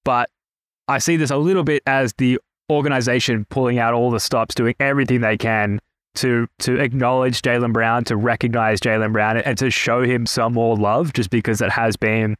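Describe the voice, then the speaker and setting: A man hosting a sports podcast in casual chat, animated and a bit self-aware. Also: medium pitch, normal speed, dry recording, clean studio sound. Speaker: podcast host.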